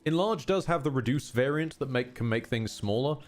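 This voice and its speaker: A man streaming a video game, chatting casually with wry jokes and quick asides. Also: mid-range voice, lively intonation, soft background music. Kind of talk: casual gameplay chat.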